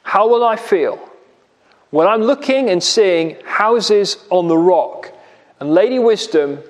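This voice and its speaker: A man's voice: sits high, animated, takes it slowly, in a large hall. A man preaching a sermon in a church, explaining a passage with rhetorical questions and vivid retelling.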